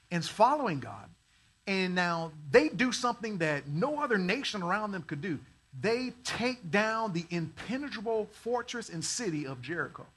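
A man with a high, bright voice preaches a sermon. He swings his pitch widely, moving from folksy, relaxed storytelling to ringing calls for his listeners to answer him. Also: breathy edge. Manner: folksy storytelling that builds to loud exhortation. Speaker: pastor.

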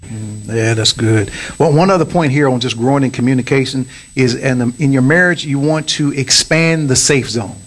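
A man's voice: mid-range voice, moderate pace. A man preaching on marriage as pastor, with emphatic lines that rise on key points. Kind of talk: sermon on marriage.

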